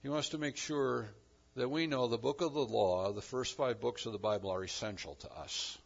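A man preaching a sermon, swinging between loud emphasis and quiet asides. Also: mid-range voice, normal speed, vocal fry, highs cut off. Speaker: pastor.

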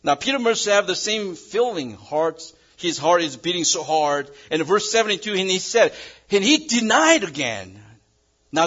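Husky preacher with a lively, swinging delivery. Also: male voice, on the high side, muffled recording. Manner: dramatic swings between loud emphasis and quiet hush; non-native English phrasing. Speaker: pastor. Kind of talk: sermon.

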